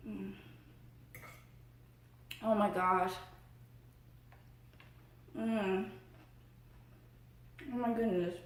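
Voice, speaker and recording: Excited lady doing a mukbang, talks real slow and drawn out, kinda echoey room. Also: medium pitch, a little hiss or hum. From Tampa, Florida area. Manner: bubbly, excited, chatty between bites. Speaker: mukbang vlogger. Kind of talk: casual eating vlog.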